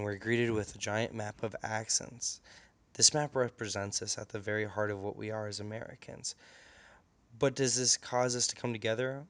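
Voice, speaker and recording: Guy reading out his class presentation, clear smooth voice, kinda earnest. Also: lowish voice. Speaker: student presenter.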